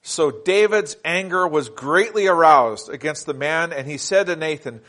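Male pastor, slightly high voice, sermon delivery with dramatic loud-to-soft swings and slow word-by-word emphasis. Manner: dramatic shifts between loud emphatic reading and quiet intimate asides; slow deliberate stresses on single words.

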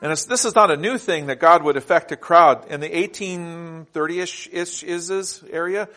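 A man preaching a sermon, swinging from loud emphatic scripture reading to quiet intimate asides, with slow stresses on single words. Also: on the high side. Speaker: pastor.

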